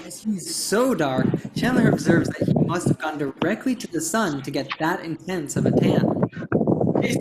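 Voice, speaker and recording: Woman teaching english, low-ish voice that jumps around a lot, faint music under it. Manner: clear, explanatory, stresses key words. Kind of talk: scripted lesson narration.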